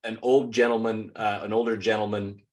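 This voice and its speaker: A middle-aged man, a sales trainer, telling animated stories in an interview over a video call, acting out quotes and often restarting his sentences. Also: lowish voice, brisk. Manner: animated storyteller, acts out quotes, frequent restarts. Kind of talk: conversational interview storytelling.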